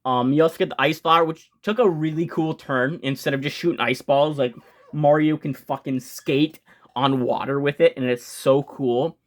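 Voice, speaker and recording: A young man hosting a casual video game ranking vlog, talking fast and excitedly, gushing and swearing casually with frequent restarts. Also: fairly high pitch. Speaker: video game channel host.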